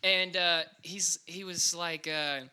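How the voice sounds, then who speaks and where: A man's voice: sits high, steady tone, slow pace, pushed and bright, clear, resonant tone. A young man, a podcast guest, telling stories in a laid-back casual chat and swearing freely.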